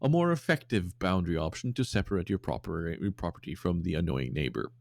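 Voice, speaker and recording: A man's voice: low-pitched, animated, a little fast, gravelly, dry recording, studio quality. A man co-hosting a podcast in casual chat, reading out listener submissions with lots of fillers and restarts. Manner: rambling with many fillers, breaks into silly voices.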